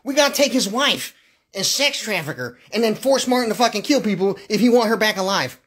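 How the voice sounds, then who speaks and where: A man with a high-pitched voice delivers an agitated, profanity-heavy livestream rant. He hammers the same questions again and again, trips over and restarts words, and keeps breaking into bursts of laughter. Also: lively intonation, fairly quick, fairly bright tone. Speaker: live streamer. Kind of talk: unscripted livestream monologue.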